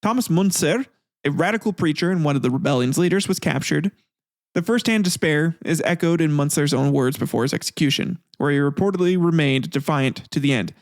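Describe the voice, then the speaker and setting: A man narrates history with irreverent, profane asides and a somewhat high voice. His tone has a steady gravelly crackle, heard close and dry. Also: a little fast, dry recording. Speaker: podcast host.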